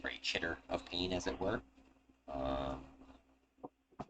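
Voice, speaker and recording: Low-pitched male game master, casual joking delivery, noisy home recording. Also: unhurried, pauses often. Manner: casual, swearing, laughing asides. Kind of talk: narrating a tabletop game.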